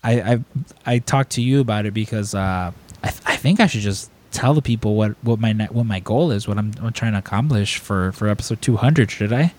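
A man's voice: fairly low pitch, a little fast. A man hosting a podcast, telling stories in casual chat, rambling and acting out other people's lines in raised voices. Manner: rambling, animated, acts out quotes in raised voices. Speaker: podcast host.

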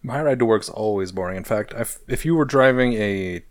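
A young adult man co-hosting a podcast in casual chat, with dry, deadpan humor. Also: on the low side, fairly quick. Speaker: podcast co-host.

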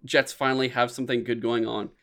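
A young man rambles through a casual podcast chat, cursing freely, and his voice leaps up when he acts out his own reactions. His voice sits in an ordinary middle range. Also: quick pace. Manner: rambling, animated, swears often, voice jumps high when quoting reactions. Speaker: podcast co-host.

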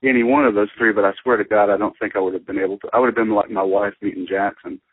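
Man, 60s, lower register, husky; animated anecdote-teller over a phone-like line. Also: fast, dry recording. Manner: animated storyteller who laughs often. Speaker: podcast guest, musician. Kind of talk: casual chat.

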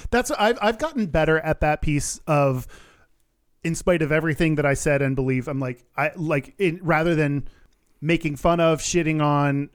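A man's voice: on the high side, normal speed, smooth. A man co-hosting a podcast in casual chat, earnest and loose, swearing offhandedly. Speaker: podcast co-host.

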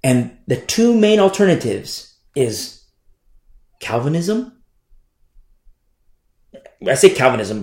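A man's voice: medium pitch, a little mellow, reverberant. A man preaching a sermon in an emphatic way, repeating phrases and often asking "you see?".

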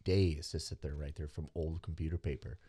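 A man's voice: a bass voice, fairly even intonation, brisk, warm tone, husky. A man interviewing a guest in casual conversation, agreeing often and sharing his own stories in turn. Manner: agreeable, with frequent affirmations.

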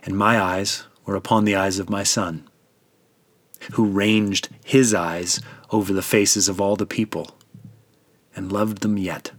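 A man narrating as God the Father in a solemn, measured and tender dramatic scripture reading. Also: on the low side, fairly even intonation, no echo.

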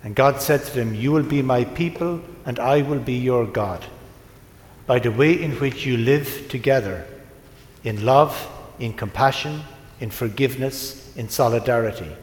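A priest preaching to his congregation, telling a story in a gentle, unhurried way with pauses. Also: mid-range voice. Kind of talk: sermon. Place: large church. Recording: echoey church from a distance.

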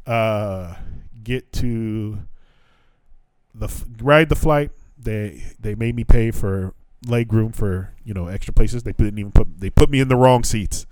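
Profane storytelling man, low dry voice. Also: measured pace, a little mellow, dry recording. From United States. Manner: profane storytelling with laughs and quoted dialogue. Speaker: podcast host. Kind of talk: casual chat.

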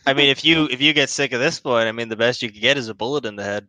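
A man with a bright, forceful voice runs a tabletop game. He jokes wryly between his explanations. The recording is dry, with no room sound. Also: mid-range voice, very fast, dry recording, rough recording. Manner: playful, wry jokes. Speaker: game master. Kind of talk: casual tabletop game chat.

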